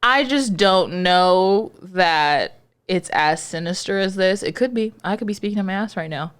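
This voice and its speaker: A woman's voice: mid-range voice, lively intonation, moderate pace, clean tone. A woman co-hosting a podcast in casual chat, musing in a wry, skeptical way. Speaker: podcast co-host.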